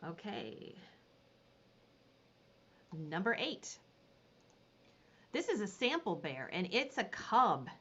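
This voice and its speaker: A woman running a live online consignment auction, describing each item and then calling bids in rapid repeated phrases. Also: medium pitch, sing-song, a bit bright, breathy edge, lo-fi sound. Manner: rapid repetitive bid calling.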